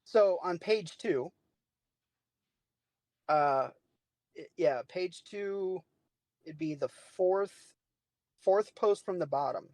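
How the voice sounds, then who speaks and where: A man chatting casually as a guest on a podcast, a relaxed storyteller who laughs while explaining. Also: sits high, takes it slowly, pauses often, no echo.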